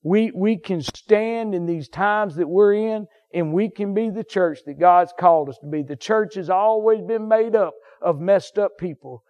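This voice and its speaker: A man preaching from the pulpit in a drawl, his voice sitting high and climbing into fervent shouts before falling soft and low. The recording is dull and muffled, like a church service captured on modest gear. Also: a little slow, hardly any pauses. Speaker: pastor. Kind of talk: sermon.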